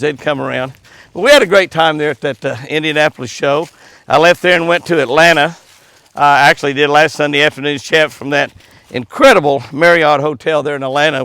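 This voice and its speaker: Gravelly, chuckling man chatting outdoors. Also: a little high, a bit bright, no room sound. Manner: folksy, chuckling, talks sweetly to his dogs. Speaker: host. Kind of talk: casual outdoor chat to camera. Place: outdoors, walking in the woods.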